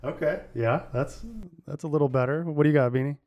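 A man hosting a casual podcast with his kids, playful and quick to laugh as he quizzes them. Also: fairly high pitch, fairly even intonation, darkish tone. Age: adult. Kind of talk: casual family podcast chat.

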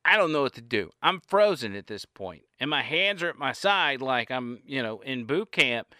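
A man telling a casual anecdote in an animated way, his pitch and loudness rising and falling as he goes. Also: moderate pace, dry recording, studio quality. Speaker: storyteller.

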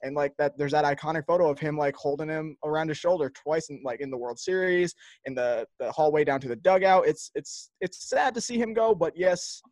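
A man talks sports in an emphatic, casual way, often doubling words as he gets going. His voice sits a bit high and sounds dry and close. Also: a little fast, hardly any pauses, a little mellow, no echo. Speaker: podcast co-host.

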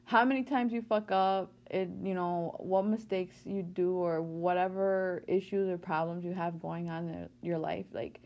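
A woman's voice: on the low side, fairly even intonation, measured pace, few pauses, darkish tone. A woman in her late twenties co-hosting a podcast, gushing in a casual, slangy way and filling her talk with "like" and "you know what I mean.". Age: 20s. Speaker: podcast co-host. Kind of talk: casual chat.

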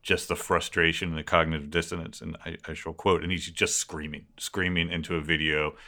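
A man co-hosting a podcast, chatting casually in a rambling, animated way and swearing freely. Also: rumbling low, a little fast. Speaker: podcast co-host. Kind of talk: casual chat.

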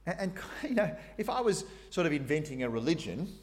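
A man's voice: on the high side, big pitch swings, a little fast. A man preaching a sermon in a conversational way, acting out the quoted voices with asides. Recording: long hall reverb.

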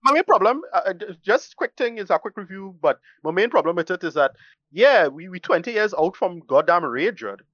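A blunt, rambling man reviews a film on a podcast, swearing freely and piling up his complaints. He talks fast in a fairly high voice. The sound is dry and a little dull. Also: very animated, a bit bright, dry recording. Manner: blunt, rambling, swears freely, uses Caribbean-style English.

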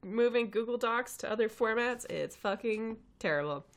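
A woman's voice: fairly high pitch, lively intonation, normal speed. A woman co-hosting a podcast in casual chat, teasing, swearing casually and laughing often. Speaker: podcast co-host.

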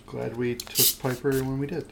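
Man, gravelly voice, podcast host, rambling casual chat, noisy home recording. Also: mid-range voice, flat delivery, normal speed. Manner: rambling, joking, swears casually. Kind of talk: casual chat over drinks. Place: home, at night. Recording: home recording with clear background noise.

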